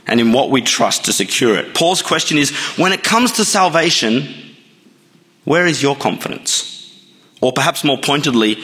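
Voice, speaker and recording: A man preaching with a measured, storytelling delivery, pressing his listeners with rhetorical questions. His mid-pitched voice rings out in a church with long reverb trailing after each phrase. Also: pushed and bright. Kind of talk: sermon.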